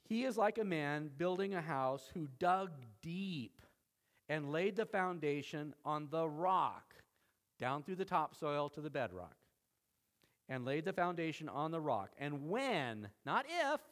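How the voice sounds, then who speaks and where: A man's voice: a little high, lively intonation, takes it slowly. A middle-aged male pastor preaching a sermon, emphatic, with dramatic quoted lines.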